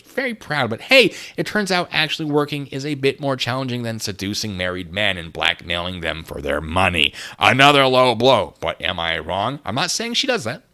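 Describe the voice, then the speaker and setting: A man giving sarcastic live-stream commentary at a desk microphone, with joking asides, and stopping to read chat and thank viewers for donations. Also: mid-range voice. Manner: sarcastic, animated, laughing asides; reads donations and chat aloud.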